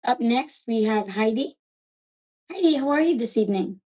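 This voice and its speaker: Chatty New York woman hosting a psychic call-in, mellow and a little muffled. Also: fairly high pitch, expressive, husky. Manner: fast, chatty and affectionate, calls callers love. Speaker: psychic reader host.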